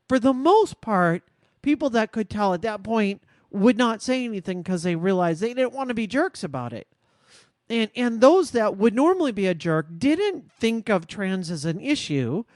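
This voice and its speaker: Woman podcast co-host, earnest and reflective, very expressive intonation, dry close sound. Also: medium pitch, dry recording. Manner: reflective storytelling, measured and earnest. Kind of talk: casual podcast conversation.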